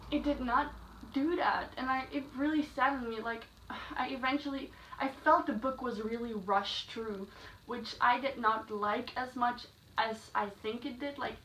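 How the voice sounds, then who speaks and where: Chatty higher-voiced woman doing a book review, says like a lot, echoey room, mic a bit far off. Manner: chatty, animated, lots of "like" fillers. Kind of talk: casual spoken book review. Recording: echoey room, slightly distant mic, faint noise.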